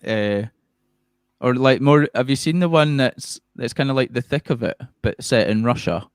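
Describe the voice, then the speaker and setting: A man's voice: medium pitch, moderate pace, clean tone, no echo, studio quality. A man hosting a casual chat, talking loosely and laughing often while asking for recommendations. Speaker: podcast host.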